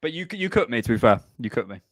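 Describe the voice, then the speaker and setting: A man's voice: medium pitch, sing-song, fast, no echo, studio quality. A man hosting a live podcast, out of breath and bantering in a joking, chatty way. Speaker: podcast host. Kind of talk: casual live podcast chat.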